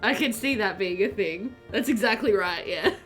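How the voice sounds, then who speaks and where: Bright, lively woman streamer. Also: mid-range voice, normal speed, soft background music. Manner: animated, laughs often, chatty asides to viewers. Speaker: game streamer. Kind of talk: casual live-stream chat while playing.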